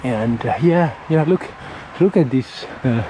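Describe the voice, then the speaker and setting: A man from Italy with an Italian accent, chatting casually on a walking vlog and often pausing to search for words, talking into a camera outdoors on a windy street. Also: mid-range voice, lively intonation. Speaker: vlogger. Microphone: camera mic held near the face. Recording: faint wind and traffic noise outdoors.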